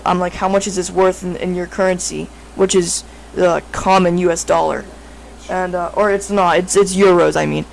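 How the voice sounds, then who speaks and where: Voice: mid-range voice, slight background noise, poor audio. Rambling casual storyteller, full of fillers. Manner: rambling, filler-heavy, frequent self-corrections.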